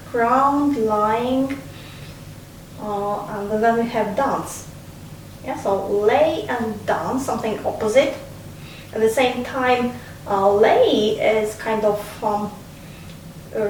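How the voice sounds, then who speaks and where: Slow-talking woman in an echoey room. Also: on the high side, a little mellow. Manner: slow, thoughtful, prompting with questions. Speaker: discussion leader. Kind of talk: casual group discussion of a poem. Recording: echoey room, distant mic, faint noise.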